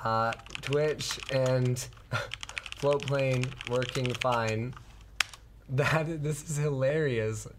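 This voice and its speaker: A man hosting a casual podcast chat, sick and hoarse, talking in an exasperated, ranting way. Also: medium pitch, steady tone, drawn-out words, background noise. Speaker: show host.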